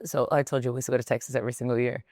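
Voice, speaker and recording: A woman's voice: very deep voice, level tone, racing, a little mellow, no room sound, studio quality. A woman hosting a podcast, chatty and giggly, with lots of fillers. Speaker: podcast host. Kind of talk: casual interview chat.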